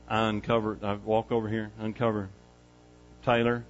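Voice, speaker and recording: A middle-aged man preaching a sermon, swinging from loud excitement to hushed quiet. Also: fairly low pitch, normal speed, muffled recording, faint music behind. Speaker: pastor.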